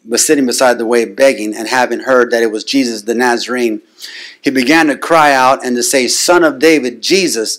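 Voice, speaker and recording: A man preaching a sermon, punctuating lines with "amen?" and building into insistent, repeated declarations. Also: mid-range voice. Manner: call-and-response, frequent "amen?" to the congregation; builds to rising, insistent repetition.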